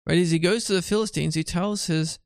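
A man's voice: high voice, fairly even intonation, fairly quick, dry recording, clean studio sound. A tired, yawning man teaching a Bible study in a chatty way, often asking "right?" and restarting his phrases.

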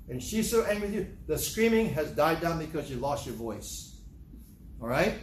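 Emotional pastor preaching in a roomy church. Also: male voice, a little high, moderate pace, slight background noise. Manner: emotional, with repeated phrases and sudden raised outbursts. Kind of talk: sermon.

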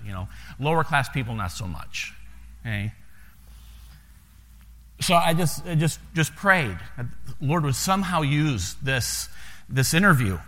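A man's voice: medium pitch, sharp tone, long reverb tail. A missionary pastor with an American accent tells stories to a congregation in a folksy way, often repeating words as he starts a sentence. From United States. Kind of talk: sermon storytelling to a congregation.

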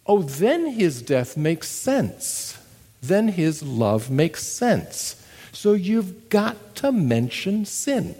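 A man preaching a sermon, emphatic and animated, telling stories and demonstrating. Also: high-pitched, very slow, in a large hall. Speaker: missionary preacher. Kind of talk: sermon with storytelling.

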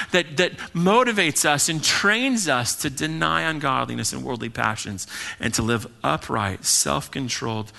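A young man preaching a sermon as pastor, earnest and emphatic, now and then voicing people in quick asides. His voice sits a little high and rings bright and forceful. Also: creaky.

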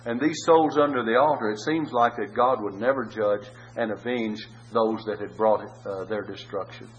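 A man's voice: fairly low pitch, moderate pace, muffled recording. A man preaching a sermon in an earnest way, rising into pleading cries.

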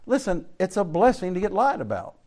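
A man's voice: sits high, huge pitch swings, fairly quick, mellow. An older man from Central Florida, teaching a Bible class in a preaching style, telling folksy stories, asking rhetorical questions and chuckling often.

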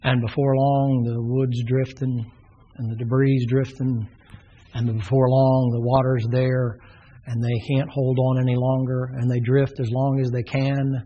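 Husky-voiced preacher, dramatic storytelling. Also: male voice, medium pitch, level tone, unhurried, dark tone. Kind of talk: sermon. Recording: dull lo-fi sermon recording.

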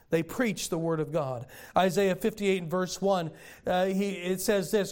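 High-voiced older preacher, folksy and loud. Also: male voice, unhurried. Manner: folksy storytelling preaching with sudden loud bursts. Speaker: pastor. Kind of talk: sermon.

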